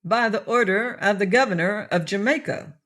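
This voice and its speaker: A woman's voice: medium pitch, moderate pace, fairly bright tone, pitched above the performer's own voice, natural voice. A woman reading an audiobook, voicing an elegant little colonial lord who speaks dryly and with formal authority.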